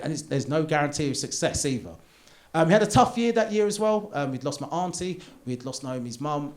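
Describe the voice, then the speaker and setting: A man's voice: medium pitch, very animated, fast talker. British man telling stories on stage. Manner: chatty, confessional, builds to loud punchlines. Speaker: stand-up comedian. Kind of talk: live stand-up storytelling. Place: theatre stage.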